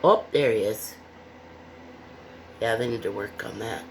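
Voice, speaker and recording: A woman's voice: rumbling low, unhurried, creaky, slight background noise. A woman reading a picture book aloud with playful, chatty asides to young listeners. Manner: playful, expressive.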